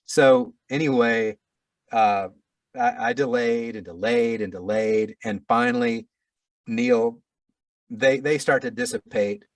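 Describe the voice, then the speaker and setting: A middle-aged audiobook narrator tells a story in a casual interview, animated and self-deprecating, restarting often. His medium-pitched voice moves slowly, picked up by a distant mic with no room sound.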